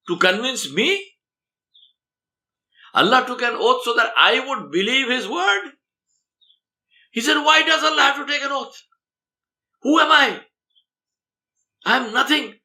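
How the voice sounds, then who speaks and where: A man voicing a grown male highway robber who asks pleading questions in a raised voice. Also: pushed and bright, full character voice.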